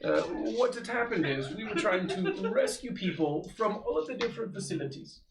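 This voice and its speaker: A man's voice: high-pitched, very animated, brisk, roomy sound, recorded from a distance, a crowd in the background, low-quality recording. A man running a tabletop role-play, speaking formally in character with many stalling fillers. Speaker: game master voicing a character.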